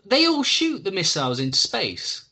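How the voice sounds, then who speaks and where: A man's voice: high voice, huge pitch swings, moderate pace, sharp tone, husky. A man co-hosting a casual podcast, reacting with sarcastic, incredulous, swearing questions. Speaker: podcast co-host. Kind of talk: casual comedic chat.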